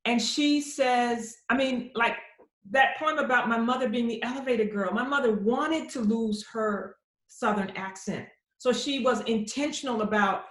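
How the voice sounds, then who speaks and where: Animated woman poet on an echoey call. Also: fairly high pitch, normal speed. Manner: animated storyteller acting out quoted voices. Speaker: poet answering audience questions. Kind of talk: conversational Q&A at a virtual book launch. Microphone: computer mic on a video call. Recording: roomy echo on a video call.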